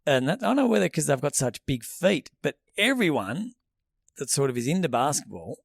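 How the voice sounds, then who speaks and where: A man's voice: fairly high pitch, sing-song, brisk, gravelly, no room sound, clean studio sound. An Australian man co-hosting a podcast, ranting in a casual, profane chat. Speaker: podcast co-host.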